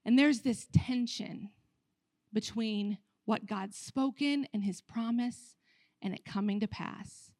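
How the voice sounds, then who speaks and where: An American woman pastor preaching a sermon, talking conversationally to the room and acting out dialogue with lively shifts in her voice. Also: on the high side, slow, no echo, clean studio sound. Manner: animated, acts out dialogue with her voice; conversational, asks the room questions.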